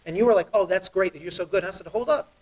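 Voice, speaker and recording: A man who is a judge, talking earnestly and quickly as an interview guest, telling stories with animation. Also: high voice, far from the mic, low-quality recording. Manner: earnest, fast, animated storytelling. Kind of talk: interview guest, heartfelt talk.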